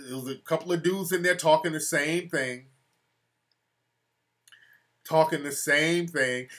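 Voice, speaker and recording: Bright-voiced man hosting a call-in show. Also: a little high. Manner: mocking, loose street slang. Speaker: host.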